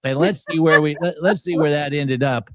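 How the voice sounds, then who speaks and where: An excitable man co-hosts a live trading stream, calling out prices and ticking countdowns. His voice sits a little high. The sound is dry and close, with no room echo. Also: moderate pace. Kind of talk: live market commentary.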